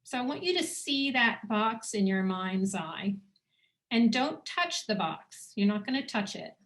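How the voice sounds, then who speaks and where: A woman teaching on a video call, leading a guided breathing exercise with slow, soothing instructions and pauses. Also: fairly high pitch, expressive, a bit bright. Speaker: dowsing teacher.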